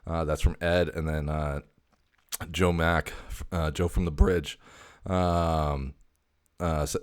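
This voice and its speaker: A man's voice: a bass voice, level tone, unhurried. A man hosting a comedic casual chat, stammering, cursing and sounding exasperated. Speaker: video host.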